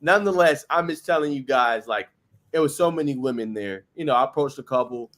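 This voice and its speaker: Male podcast host, mid-pitched voice, playful and conversational, casual chat. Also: lively intonation, fairly quick, a bit bright, a little hiss or hum. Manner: playful, conversational, peppered with "you know what I'm saying".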